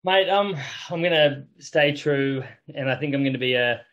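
A man's voice: mid-range voice, normal speed, fairly bright tone, lo-fi sound. A man co-hosting a rugby podcast, chatty and a bit defensive in casual banter. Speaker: podcast co-host.

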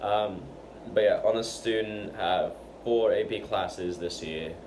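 Teen boy, unscripted vlog, low and unhurried, fumbling with fillers, audible background noise. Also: darkish tone. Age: teens. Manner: hesitant, many fillers and restarts. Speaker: fan channel member. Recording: noisy home recording.

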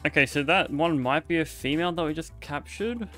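Soft music plays behind a young man whose slightly high, sharp voice moves a little fast. As a gaming video host, he keeps up playful commentary and chats with the creatures in the game.

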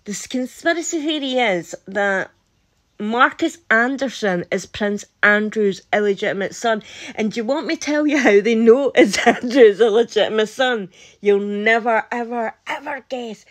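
A woman's voice: on the high side, normal speed. A woman with a Scottish accent chatting to camera as a vlogger, laughing often and breaking into incredulous asides. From Scotland. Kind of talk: casual chat to camera.

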